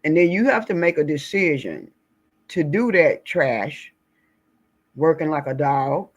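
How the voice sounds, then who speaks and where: A woman's voice: low voice, very animated, a little slow, breathy edge. A woman giving blunt, indignant, folksy political commentary in a casual talk. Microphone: screen-share recording.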